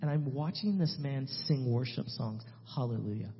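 A man, a missionary speaking to a church, telling a story in an emphatic way that swings between loud and hushed. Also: mid-range voice, normal speed, a little hiss or hum. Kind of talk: animated testimony storytelling. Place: church sanctuary. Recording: reverberant hall, dull lo-fi sound.

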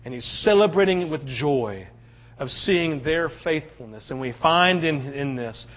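A pastor preaching a sermon in a conversational, animated way, acting out quotes and often checking in with "right?". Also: male voice, fairly high pitch, measured pace, muffled recording.

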